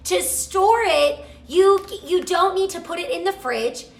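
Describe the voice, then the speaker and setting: Excitable woman with a high, gravelly voice. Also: measured pace, reverberant. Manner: excitable and gushing, reads out viewer comments. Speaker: cooking show host selling products. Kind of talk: live casual chat to viewers. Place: home kitchen. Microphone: camera mic, moves off camera at times.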